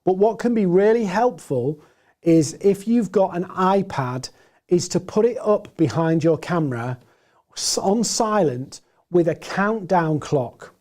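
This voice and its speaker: A man with a hoarse, gruff, mellow voice teaches a live webinar over a desk mic. He is animated, swinging between loud points and soft, slow stretches with deliberate pauses. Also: high voice. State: hoarse, gruff voice after hours of presenting. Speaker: webinar presenter and sales trainer.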